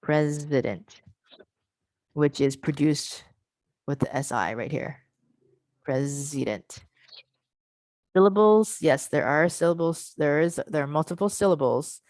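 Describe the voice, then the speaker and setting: A woman with a notably low voice leads an online teaching workshop over a video call. She explains patiently, breaking words into parts and sounding each one out slowly. The sound is dry and close, with no room around it. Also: lively intonation, darkish tone, no room sound. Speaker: workshop presenter.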